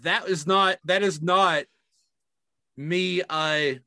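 A man co-hosting a podcast in casual, profane chat. He tells animated stories and acts out the voices in them. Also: high voice, slow, no room sound, clean studio sound. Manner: profane, animated storytelling with big voiced quotes. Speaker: podcast co-host.

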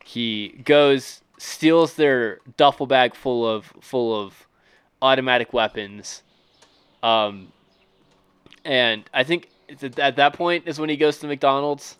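A man's voice: medium pitch, slow, fairly bright tone, clean tone, no room sound. A man co-hosting a podcast, summarizing a film in a rambling way with many fillers. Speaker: podcast co-host. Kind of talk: casual podcast chat.

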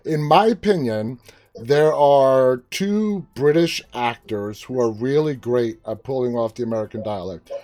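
A man's voice: medium pitch, measured pace, darkish tone. A man hosting an interview, asking eager, curious questions with frequent restarts. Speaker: interview host. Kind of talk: casual interview chat.

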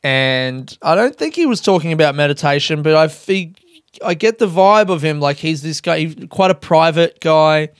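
A young man chatting solo, candid and self-mocking, with swearing sprinkled through. His voice is smooth and clear, sitting a bit higher than most men's. The sound is dry and close. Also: expressive, moderate pace, no room sound. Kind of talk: casual solo chat.

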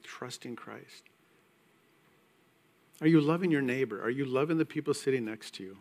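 A man preaching a sermon in a church, conversational and emphatic with quiet asides. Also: mid-range voice. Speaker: pastor. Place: church sanctuary.

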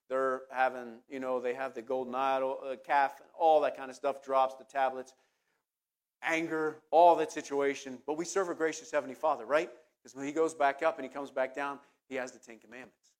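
A middle-aged man preaching a sermon, earnest, often repeating words as he searches for what to say next. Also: medium pitch. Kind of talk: sermon with personal anecdote.

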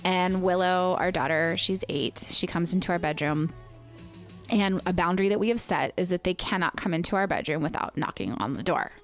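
Podcast co-host, woman, 30s, chatty storyteller, soft music bed. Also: lowish voice, fairly quick. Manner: chatty storyteller, animated quoting, laughs often. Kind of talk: casual chat.

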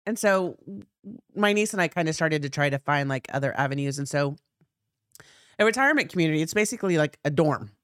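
A woman's voice: low voice, lively intonation, a little fast, a bit bright, clean tone, no room sound, clean studio sound. A middle-aged woman co-hosting a podcast, talking matter-of-factly in casual chat and often setting the record straight. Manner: correcting, matter-of-fact. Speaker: podcast co-host.

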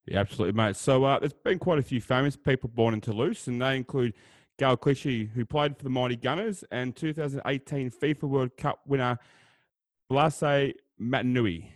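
A man's voice: medium pitch, normal speed, no echo. A man co-hosting a podcast, teasing and chummy, reading out facts between banter. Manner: chummy, teasing, says "mate" often. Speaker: podcast co-host.

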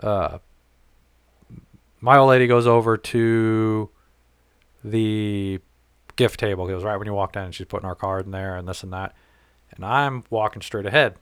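A man's voice: on the low side, steady tone, moderate pace, long pauses, clean tone, no room sound, studio quality. Man telling a rambling, profane story. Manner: rambling, profane, self-correcting. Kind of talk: casual storytelling chat.

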